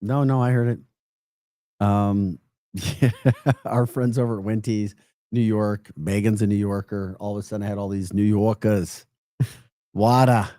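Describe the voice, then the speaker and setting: Energetic St. Louis morning radio host. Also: male voice, lowish voice, no room sound, studio quality. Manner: energetic, rambling, laughs a lot. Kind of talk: casual talk radio. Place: radio studio.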